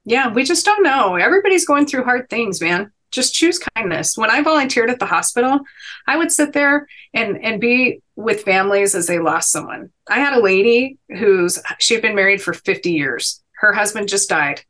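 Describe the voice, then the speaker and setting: A woman's voice: on the high side, lively intonation, normal speed, a bit bright. Earnest woman telling a story. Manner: earnest, emphatic storytelling with inspirational lines. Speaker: podcast guest. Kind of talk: storytelling in a sit-down interview.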